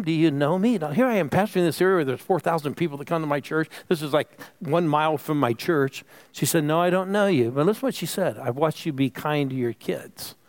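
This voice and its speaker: A middle-aged pastor from Phoenix preaching a sermon, telling a personal story and calling on the congregation to repeat after him. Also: male voice, fairly high pitch. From Phoenix, United States. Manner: call-and-response preaching, storytelling.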